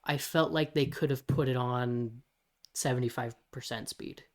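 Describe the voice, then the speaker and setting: A man's voice: mid-range voice, steady tone, moderate pace. A man co-hosting a podcast, chatting casually and easily, often answering with short agreements. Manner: easygoing, with short agreeing backchannels. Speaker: podcast co-host. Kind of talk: casual chat.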